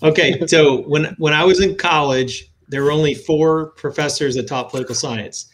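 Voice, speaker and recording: High-voiced man telling a story. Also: normal speed, fairly bright tone, a little hiss or hum. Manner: anecdotal, self-deprecating. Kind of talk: casual chat on a group stream.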